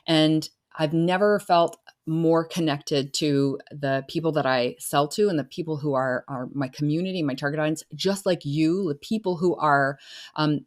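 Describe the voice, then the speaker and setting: A middle-aged woman coach talking earnestly in a casual solo podcast, now and then acting out her clients' voices. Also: deep voice. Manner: earnest, warm-hearted, acts out clients' voices. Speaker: business coach and podcast host.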